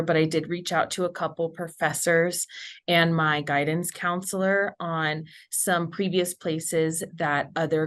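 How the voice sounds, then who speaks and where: Young woman, low voice, earnest and upbeat, casual panel talk. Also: a bit bright.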